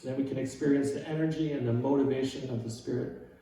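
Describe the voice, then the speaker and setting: A man giving a casual, conversational sermon to his church, often checking in with asides and gently poking fun at himself. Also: medium pitch, fairly even intonation, fast, heavy reverb, far from the mic, slight background noise, low-quality recording. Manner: casual and self-deprecating, with frequent "right?" asides. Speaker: preacher.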